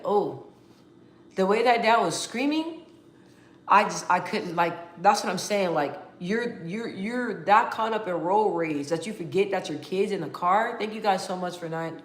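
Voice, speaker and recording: A woman vlogging casually to her viewers, talking in an animated, emphatic way with slang and frequent restarts. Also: medium pitch, measured pace, reverberant. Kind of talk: casual talk to camera.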